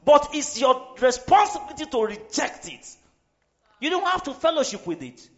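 A man from Nigeria preaching a sermon in a church, emphatic, sometimes shouting, often repeating his phrases. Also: extremely high pitch, big pitch swings, normal speed. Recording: slightly dull recording with faint music behind.

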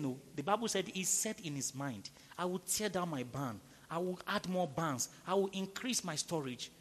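A man preaching a sermon, emphatic, shifting between loud rhetorical questions and low, intimate tones. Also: breathy edge, long reverb tail. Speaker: pastor.

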